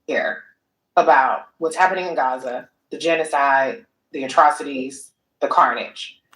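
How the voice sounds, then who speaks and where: A woman's voice: rumbling low, measured pace, fairly bright tone, reverberant, poor audio. A woman giving heated, profane political commentary, laying out her case with emphatic force.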